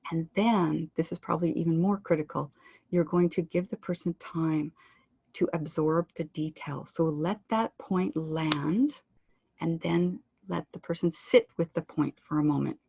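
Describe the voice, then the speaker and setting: A Canadian woman leads a pronunciation lesson at a web conference, giving a clear instructive delivery and stretching words out for drill practice. Her voice sits low, with a gravelly, husky texture. The sound is dry and dull, like lo-fi web conference audio. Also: measured pace, warm tone, no room sound. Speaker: pronunciation teacher.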